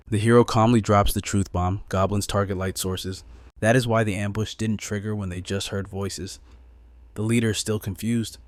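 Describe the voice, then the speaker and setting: Male recap narrator, lowish, dry close sound, dramatic and urgent. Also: darkish tone, dry recording.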